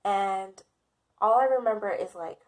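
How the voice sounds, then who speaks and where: A woman's voice: medium pitch, measured pace. A woman vlogger telling a casual storytime, dramatic and self-mocking, often laughing.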